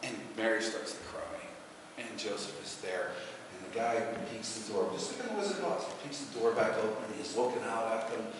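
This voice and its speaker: A man performing standup comedy at a coffee house event, chatty and animated with plenty of fillers. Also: lowish voice, brisk, noisy background. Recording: echoey hall from far off, crowd.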